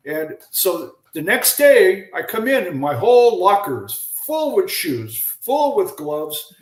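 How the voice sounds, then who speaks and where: Lively older man telling stories. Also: high-pitched, a little slow, few pauses, reverberant, rough recording. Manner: lively storyteller who acts out quoted voices, with frequent restarts. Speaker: guest, former baseball pitcher. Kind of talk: animated storytelling in a chat.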